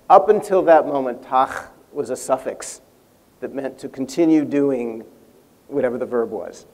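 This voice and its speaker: An older man speaks as a guest on a convention panel with a gravelly edge to his mid-pitched voice. He tells animated stories, acts out what others said and laughs often. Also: normal speed, slight background noise. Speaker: interview guest, language creator. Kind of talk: storytelling anecdote on stage.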